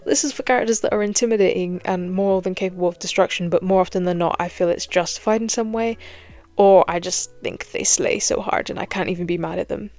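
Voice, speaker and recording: A woman's voice: fairly low pitch, a little fast, a little mellow. A young British woman giving scripted, playful commentary with jokey, self-mocking asides. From Britain. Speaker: horror commentary YouTuber.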